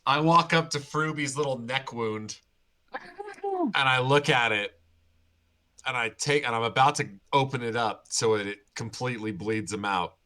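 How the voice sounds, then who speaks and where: Bright-voiced man playing a tabletop game. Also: wildly swooping pitch, unhurried. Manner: laughs through his lines, drops low for in-character threats. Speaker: player. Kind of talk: casual tabletop play.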